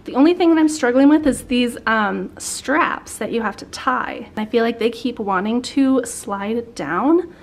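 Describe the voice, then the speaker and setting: A bubbly young woman talks through a clothing haul in a casual vlog, gushing and laughing between sentences. Her voice sits a little high for a woman and bounces with excitement. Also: unhurried. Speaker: vlogger.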